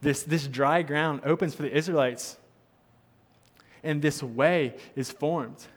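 A man's voice: fairly high pitch, steady tone, slow. A man preaching a sermon as pastor, earnest, repeating his points for emphasis. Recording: long hall reverb.

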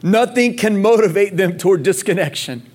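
A man preaching from the pulpit in a notably high voice, full of conviction. He stacks repeated phrases for emphasis and keeps calling on the congregation to say the words with him. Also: lively intonation, normal speed, darkish tone. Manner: passionate, calls on the congregation to respond; emphatic repetition. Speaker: pastor. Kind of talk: sermon.

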